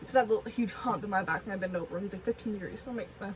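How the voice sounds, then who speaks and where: A woman's voice: mid-range voice, rapid-fire, distant mic, slight background noise, low-quality recording. A young woman in her teens chatting casually in a vlog, rambling with lots of fillers and giggly asides. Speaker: vlogger.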